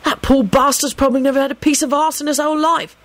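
A woman's voice: sits high, steady tone, quick pace, no echo, voice pushed up, natural voice. A woman reading an audiobook, voicing a brash, argumentative young man who swears a lot. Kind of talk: audiobook narration.

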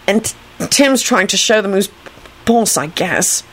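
A woman's voice: medium pitch, lively intonation, a little slow, husky, poor audio. A woman voicing a nervous, irritable schoolboy wizard who stammers. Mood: fretful.

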